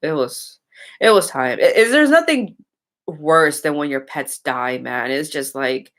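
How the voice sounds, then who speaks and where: A woman's voice: low-pitched, expressive, measured pace, a bit bright. Blunt, rambling young woman. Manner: blunt, swears freely, rambling with restarts. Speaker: streamer chatting with viewers. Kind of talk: casual chat.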